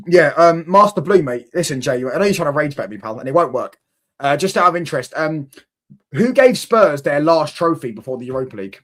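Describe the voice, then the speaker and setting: A man's voice: a little high, animated, a little fast, fairly bright tone. A young man arguing football in heated, teasing banter as a fan debater.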